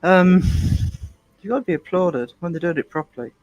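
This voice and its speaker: High-voiced man hosting a casual livestream. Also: moderate pace, darkish tone, dry recording, muffled recording. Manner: rambling, with many fillers and restarts. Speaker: livestream host. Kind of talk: casual live chat with viewers.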